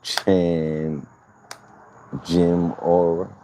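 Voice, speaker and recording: A man's voice: low voice, flat delivery, extremely slow, warm tone, slight background noise. A man hosting a casual livestream, teasing and joking with his viewers. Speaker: livestream host.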